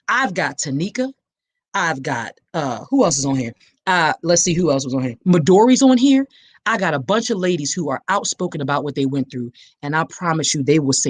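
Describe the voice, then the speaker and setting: In a dry recording, a woman with a deep, husky voice talks a little fast and animatedly. She's a podcast host and survivor advocate, passionately preaching to listeners during a live-streamed awareness talk while reading comments.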